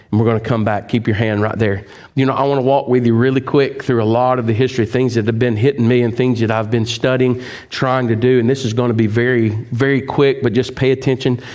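A male preacher giving a sermon, reading scripture aloud and breaking in with emphatic asides, clearing his throat now and then. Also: fairly low pitch, darkish tone.

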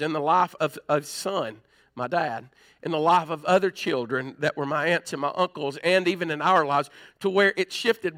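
A male pastor delivering an emphatic sermon, climbing higher as he presses his points. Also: bright, forceful tone. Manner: emphatic, rising in pitch when preaching hard.

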